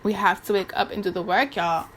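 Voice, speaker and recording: A woman in her twenties giving a casual, slangy spiritual rant to her viewers, animated and preachy with many restarts. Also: mid-range voice, brisk, slight background noise. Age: 20s. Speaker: spiritual vlogger.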